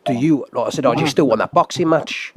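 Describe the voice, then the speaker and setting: A man's voice: medium pitch, quick pace, husky. A man arguing heatedly in casual chat, stumbling and repeating words as he retells a confrontation.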